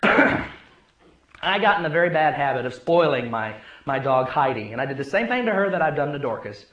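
Pastor guy preaching, high voice, goes loud then real quiet, echoey room. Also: sing-song, normal speed, lo-fi sound. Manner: storytelling, swings between loud and hushed. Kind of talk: sermon.

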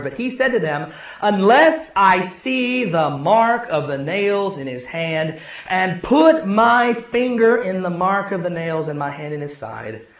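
High-voiced man preaching in an echoey room. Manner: storytelling, swings between loud and hushed. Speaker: pastor. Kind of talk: sermon.

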